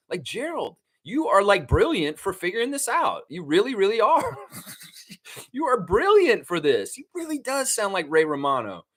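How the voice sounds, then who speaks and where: Excitable man with a bright, lively voice. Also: fairly high pitch. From Canada. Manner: excitable, laughs often, riffs and jokes. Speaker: live-stream sports show host. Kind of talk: casual live-stream chat reading viewer comments.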